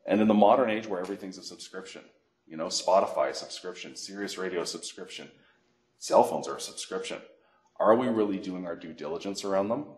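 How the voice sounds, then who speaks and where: Male financial educator, middle-aged, animated anecdotal presenter, low voice. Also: fast. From Canada. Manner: animated storyteller, acts out phone calls. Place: library meeting room. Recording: echoey room.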